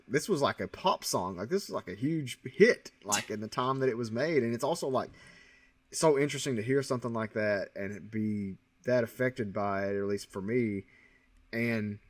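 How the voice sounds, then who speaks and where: A man's voice: lowish voice, no echo. A man co-hosting a movie podcast, musing casually and reflectively about a film. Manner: musing, many fillers and restarts. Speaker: podcast co-host.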